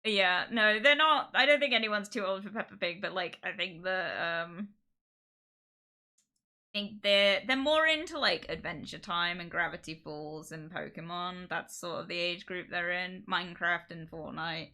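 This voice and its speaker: A woman streamer chatting casually from her home office into a streaming mic, rambling and quick to laugh. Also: fairly low pitch, bright, forceful tone. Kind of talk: casual livestream chat. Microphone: streaming microphone.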